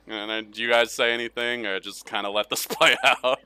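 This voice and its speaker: A man's voice: mid-range voice, steady tone, brisk, hardly any pauses, sharp tone, smooth, no echo, faint music behind. A man narrating a tabletop game as game master, casual and laughing often.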